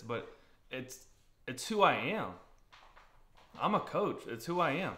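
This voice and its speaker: Casual coach talking in an echoey room. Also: male voice, medium pitch, animated, a little slow, long pauses, sharp tone. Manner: candid, repeats himself, frequent throat-clearing. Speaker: youth baseball coach and vlog host. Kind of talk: casual rambling monologue. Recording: roomy echoey room sound.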